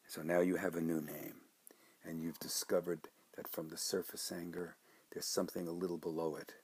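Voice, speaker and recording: A man guiding a meditation, speaking softly and slowly and often dropping into a hushed whisper. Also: sits low, level tone, husky. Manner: slow, soft-spoken, often drops to a hushed whisper. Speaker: meditation teacher. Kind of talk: guided meditation instruction.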